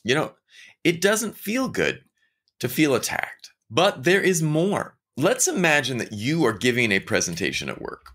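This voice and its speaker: A man in a casual motivational talk whose pitch jumps up and down as he tells stories. His tone is bright and forward, and he talks straight to the listener. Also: measured pace, husky. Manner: animated storytelling, acting out quoted voices; conversational, addresses listener directly.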